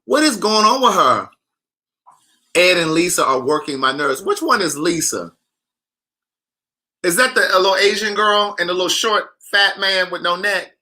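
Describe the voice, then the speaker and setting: Male host, sassy, animated gossip chatter, very bright and forceful tone. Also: high voice, moderate pace, pauses often. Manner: animated, sassy, talks straight to viewers. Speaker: author hosting a live chat. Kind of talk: casual gossip chat reading viewer comments.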